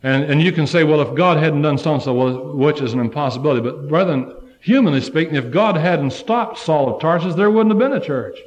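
A man preaching a sermon to a congregation, swinging from loud fervent cries to low, hushed passages. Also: a little fast.

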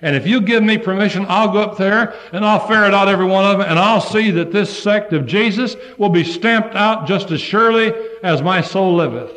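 A man preaching a sermon to a congregation, swinging from loud fervent cries to low, hushed passages. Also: fairly quick, few pauses.

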